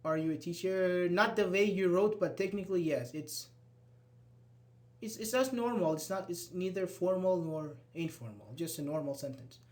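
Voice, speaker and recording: Higher-voiced man teaching grammar. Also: normal speed. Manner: explains patiently, reads example sentences aloud, frequent restarts. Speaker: English teacher. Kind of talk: live grammar class.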